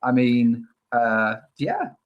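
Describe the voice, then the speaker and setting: A man's voice: medium pitch, very animated, extremely slow, phone-quality sound. A young man co-hosting a sports podcast, chatting affably with jokes and tangents. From Ireland or UK. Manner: affable, rambling, joking. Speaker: podcast co-host. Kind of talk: casual chat.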